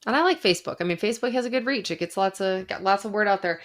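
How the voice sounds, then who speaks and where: A woman doctor talks rapid-fire in a medium-pitched voice while hosting an informal livestream Q&A in Arizona. She chats loosely, reads comments from viewers aloud and curses now and then.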